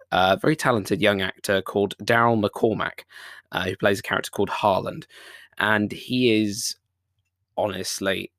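A young man talks through a film review on his podcast, keen and chatty, often pausing on an "uh". His voice sits fairly low, and the sound is dry and close with no room echo. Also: fairly bright tone. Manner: chatty and enthusiastic, frequent "uh" fillers. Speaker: podcast host. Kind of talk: casual film review monologue.

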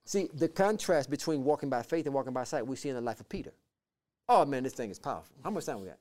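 A man's voice: mid-range voice, expressive, quick pace, darkish tone. A man co-hosting a faith talk show, preaching fervently in a repetitive, rhythmic cadence. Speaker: podcast co-host.

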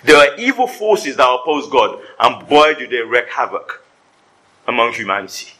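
A pastor preaching a sermon to his congregation, animated and joking in asides. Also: medium pitch, moderate pace, breathy edge, rough recording. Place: church service before a congregation.

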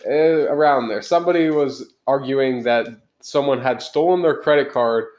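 A man in his twenties hosting a casual podcast chat, upbeat and quick to laugh. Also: medium pitch, a little mellow. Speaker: podcast host.

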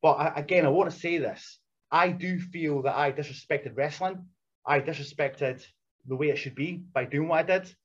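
A man, a former wrestler, casually telling profane, animated stories from his past. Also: fairly high pitch, normal speed. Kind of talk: casual storytelling. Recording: dull lo-fi sound with faint noise.

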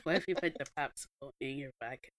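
A woman's voice: rumbling low, fast, no echo. A Southern woman co-hosting a podcast in casual chat, with a Southern accent, who laughs often and trails off mid-thought. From American South. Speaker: podcast co-host.

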